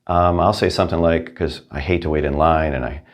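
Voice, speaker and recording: A man's voice: rumbling low, fairly even intonation, fairly quick. A man teaching a language lesson, upbeat, saying each practice sentence twice. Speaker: Spanish teacher.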